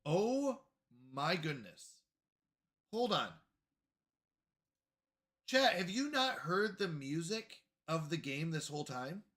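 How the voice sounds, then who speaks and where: A man's voice: a little high, expressive, slow pace, pauses often, a bit bright. A man livestreaming a game, talking casually to his chat in a flustered, apologetic way and repeating himself. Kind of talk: casual live gaming stream chat.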